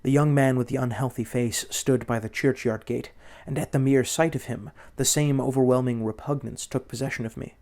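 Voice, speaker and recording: A man narrating a classic horror story in the first person, with measured, dramatic pacing. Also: mid-range voice, steady tone, a little mellow. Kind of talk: audiobook narration.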